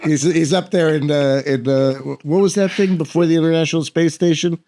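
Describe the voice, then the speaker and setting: A man hosting a podcast in casual chat, asking quick follow-up questions and joking with his guest. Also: a little high, steady tone, mellow, slight background noise. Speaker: podcast host.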